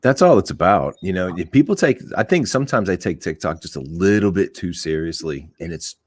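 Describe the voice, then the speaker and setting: A man hosts a podcast interview in a laid-back, joking way. His fairly low voice swings widely in pitch, and the sound is dry and close. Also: lively intonation, a little fast, darkish tone, no room sound. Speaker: podcast host.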